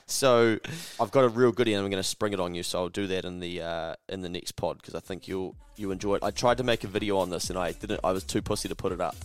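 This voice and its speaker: A man co-hosting a casual podcast, swearing freely and mimicking people in loud, high voices. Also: fast talker, few pauses, smooth, no echo. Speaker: podcast co-host.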